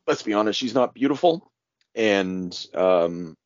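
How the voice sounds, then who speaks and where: A man's voice: fairly low pitch, lively intonation, a little slow, dry recording. A man co-hosting a podcast in casual chat, rambling and hedging with a wry edge, recorded dull and dry. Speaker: podcast co-host.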